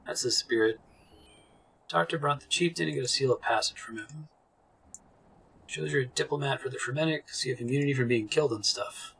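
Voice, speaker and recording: A man's voice: mid-range voice, a little fast, vocal fry, long pauses, a bit bright, husky, full character voice. Man reading as a sneering sailor. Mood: scornful. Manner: reads game dialogue aloud.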